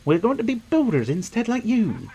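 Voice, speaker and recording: A man's voice: very high voice, sing-song, normal speed, dark tone, breathy edge, voice pushed up, exaggerated voice, low-quality recording. A man voicing an eager, earnest male farmer in a video game.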